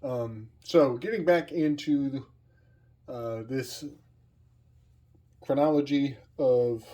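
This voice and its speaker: A man's voice: mid-range voice, dark tone. A man hosting his own video, speaking in a casual, rambling monologue full of hesitations, fillers and small chuckles. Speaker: video host.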